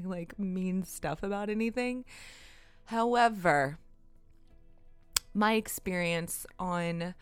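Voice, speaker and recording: A young woman hosting her own podcast, talking in a giggly, excitable way and swearing often. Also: lowish voice, clear, resonant tone, dry recording. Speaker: podcast host. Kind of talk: casual solo podcast.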